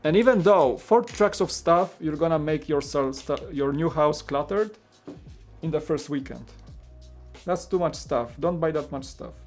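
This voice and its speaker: A man's voice: on the high side, a little slow, a little mellow, soft background music. Chatty man rambling on a live stream. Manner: rambling, chatty, many filler words; reads and greets viewer comments. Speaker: live-stream host building a toy set. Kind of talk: casual live-stream chat.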